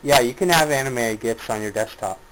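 A man's voice: mid-range voice, brisk. A young man chatting over voice chat from a small bathroom at home, laughing often and joking crudely. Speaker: podcast guest. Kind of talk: casual voice chat. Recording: loud noisy voice chat mic, close.

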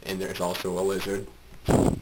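A man's voice: deep voice, completely flat delivery, moderate pace. A young man chatting over voice chat from a small bathroom at home, laughing often and joking crudely. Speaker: podcast guest. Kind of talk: casual voice chat. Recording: loud noisy voice chat mic, close.

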